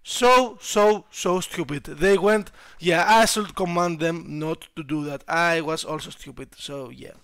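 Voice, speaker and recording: A young man giving casual gameplay commentary, excitable, swearing and shouting at his troops and laughing at himself. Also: fairly high pitch, measured pace, hardly any pauses, clear, resonant tone, no room sound, studio quality. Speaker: gaming YouTuber.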